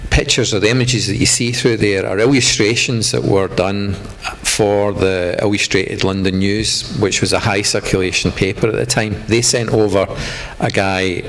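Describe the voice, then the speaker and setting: Low-voiced man chatting on an art panel. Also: fairly bright tone, slight background noise, low-quality recording. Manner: loose, conversational, many fillers and restarts. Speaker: panel artist. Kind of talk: panel discussion. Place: gallery room.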